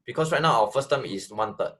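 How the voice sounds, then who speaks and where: A man's voice: mid-range voice, lively intonation, fast, fairly bright tone. A man tutoring math, explaining step by step, repeating phrases and checking that his student follows. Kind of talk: online tutoring lesson.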